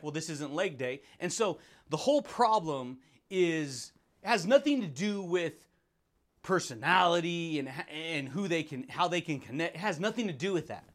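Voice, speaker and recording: Fired-up, high-voiced male podcast host. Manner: energetic, slangy, fired up; puts on quick voices for quoted people. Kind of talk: motivational podcast monologue.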